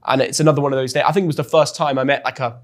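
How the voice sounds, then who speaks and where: A young man from England with an English accent, telling a story as a guest in an interview with lively, chatty energy and frequent restarts. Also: mid-range voice, rapid-fire. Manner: chatty and animated, often restarts words. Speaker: guest, football influencer.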